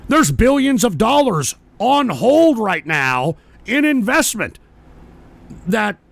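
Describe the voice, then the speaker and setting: A man hosting a live political show, ranting with constant swearing, his voice hoarse and strained. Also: sits high, fairly bright tone. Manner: profane, angry ranting at chat. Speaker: political talk show host. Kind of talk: livestream political rant.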